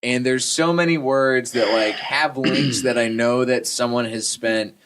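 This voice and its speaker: A man's voice: mid-range voice, fairly even intonation, unhurried, a bit bright, slight background noise. A man from Texas hosting a podcast, chatting casually in a jokey, rambling way with many restarts. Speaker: podcast host. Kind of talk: casual chat.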